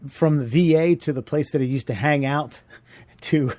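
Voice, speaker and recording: A man's voice: fairly high pitch, moderate pace, darkish tone, dry recording. Rambling podcast co-host man, dry mic. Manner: rambling, laughing storyteller. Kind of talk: casual comedy podcast chat.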